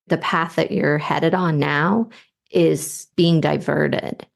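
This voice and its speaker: Woman host, low gravelly voice, slow, soft-spoken intuitive reader. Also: steady tone. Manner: soft, unhurried, with light laughs. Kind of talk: slow, spiritual guidance reading.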